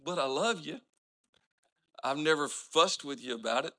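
A man delivers an impassioned sermon. His voice is very bright and slightly high for a man. He builds to emphatic peaks, then eases into relaxed storytelling. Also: normal speed. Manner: impassioned preaching with rising emphatic lines and storytelling asides. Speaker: pastor.

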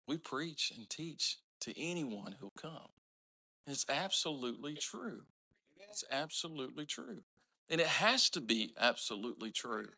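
Bright, impassioned preaching man. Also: a little high. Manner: impassioned preaching with rising emphatic lines and storytelling asides. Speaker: pastor. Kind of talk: sermon.

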